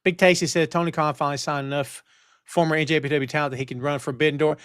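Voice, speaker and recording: Animated high-voiced man hosting a stream. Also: quick pace, clear, resonant tone, no room sound, studio quality. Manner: animated, ranting, talks straight to the chat. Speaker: wrestling show host. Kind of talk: casual live-stream chat. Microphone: headphones and studio mic.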